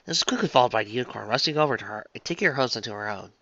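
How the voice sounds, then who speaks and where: A reader narrating a fan-written pony story in a lively, animated delivery, on a dull lo-fi recording. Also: mid-range voice, rapid-fire, no echo.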